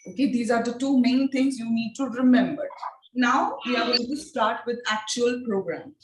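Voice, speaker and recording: A woman training teachers in phonics. She speaks in an encouraging way and drills each sound slowly and repeatedly. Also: a little high. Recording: echoey room, distant mic.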